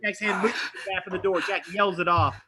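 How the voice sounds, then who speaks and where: A man reading stage directions aloud at a live script reading, animated and tossing in asides. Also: high voice, fast, a loud crowd. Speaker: script reader.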